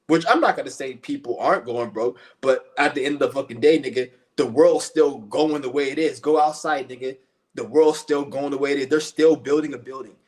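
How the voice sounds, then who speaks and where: A man's voice: mid-range voice, a little mellow. Profane, ranting male vlogger. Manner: blunt, profane, heated ranting. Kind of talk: casual rant to camera.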